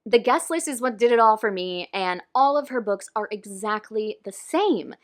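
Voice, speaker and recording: A woman's voice: mid-range voice, animated, moderate pace. A young woman reviewing books in casual, ranting chat, full of "like" and fillers. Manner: chatty, frequent "like", ranting. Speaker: book reviewer.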